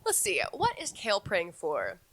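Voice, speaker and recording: A young woman, co-hosting a podcast and telling stories in a playful, animated way. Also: medium pitch, normal speed. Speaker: podcast co-host. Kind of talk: casual podcast chat.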